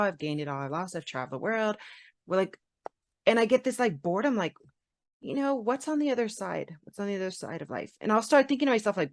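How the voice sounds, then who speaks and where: A woman's voice: mid-range voice, animated, fast, no echo, clean studio sound. A woman speaking as a podcast guest in casual chat, reflective and given to metaphors.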